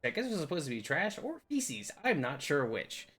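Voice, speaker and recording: A man's voice: on the high side, big pitch swings, a little fast, a bit bright, slightly rough. A young man giving a rambling, goofy tour of a game map, joking and putting on silly voices now and then. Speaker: game video host.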